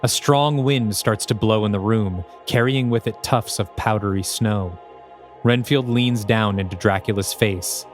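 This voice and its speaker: A man co-hosting a podcast, reading aloud a screenplay he wrote in steady, descriptive narration. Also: fairly low pitch, a little slow, faint music behind. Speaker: podcast co-host.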